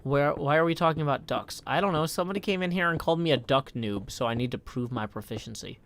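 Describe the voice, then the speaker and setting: A man's voice: a little high, quick pace, fairly bright tone, slight background noise. Chatty man streaming live. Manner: chatty, scattered, reads chat aloud with mock indignation. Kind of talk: casual live-stream chat while playing a game.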